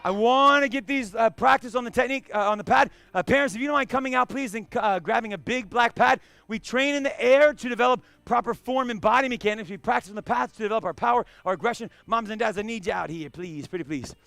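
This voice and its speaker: A man teaching a live karate class, calling out short commands and shouting kiais. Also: very high-pitched, fast talker, gravelly, few pauses, no echo. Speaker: karate instructor. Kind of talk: live martial arts class instruction. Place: karate studio.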